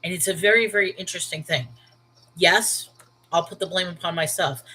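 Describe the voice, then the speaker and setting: A New York woman in her thirties, Brooklyn accent and all, runs a casual Bible livestream and talks to viewers by name in a candid, emphatic manner. Her voice is on the low side, pushed, bright and slightly rough, a little fast, on a low-quality recording.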